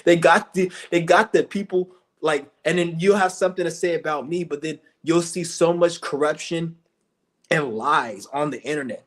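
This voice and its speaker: A man's voice: on the high side, normal speed. A man talking to camera in a blunt, heated rant full of profanity. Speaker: vlogger.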